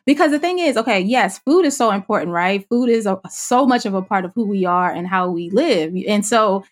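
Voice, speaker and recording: A woman's voice: mid-range voice, expressive, brisk. Enthusiastic woman host. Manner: enthusiastic and affirming, laughs often. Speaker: podcast host. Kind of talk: casual interview chat.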